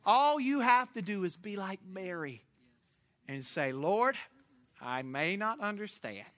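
Male preacher, animated sermon storyteller, bright and lively pitch, dry close sound. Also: slow, dry recording. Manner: animated storytelling, swings from loud to hushed.

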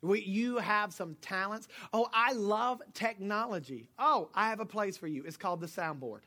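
Preaching to his congregation, this middle-aged male pastor trades jokes with them and moves from soft asides to booming shouts. He speaks at a normal speed in a high voice.

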